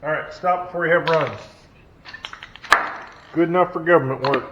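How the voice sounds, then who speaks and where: Here a hobby mechanic restores an old truck in his garage, talking casually and poking fun at himself mid-task. His voice is medium in pitch and a little fast, broken up by frequent pauses. Faint noise sits on the dull lo-fi audio, and logging machinery works next door.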